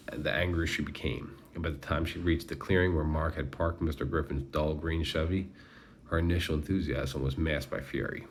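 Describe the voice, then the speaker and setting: A man reading a novel aloud in steady, measured narration. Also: a bass voice, a little hiss or hum. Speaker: audiobook narrator. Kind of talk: scripted narration.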